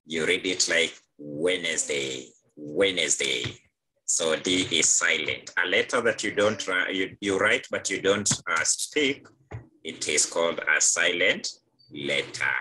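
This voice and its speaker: Deep slow kenyan guy teaching online, lots of uh, bright husky tone. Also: lively intonation, low-quality recording. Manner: hesitant, many uh fillers. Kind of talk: live online class. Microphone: video call.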